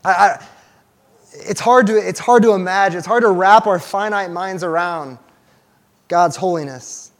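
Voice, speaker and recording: A young man with a high, unhurried voice teaches at church, giving a casual, conversational sermon to a small group. He restarts and uses fillers as he talks to the room.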